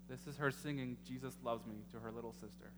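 Man, pastor, sermon, halting, emotional, echoey hall, faint background noise. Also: mid-range voice, steady tone. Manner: halting, many ums, emotional. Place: church sanctuary.

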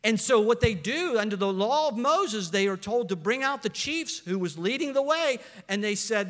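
A middle-aged man preaching a sermon as pastor, animated and storytelling, with frequent restarts. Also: high voice, normal speed, hardly any pauses. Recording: long hall reverb.

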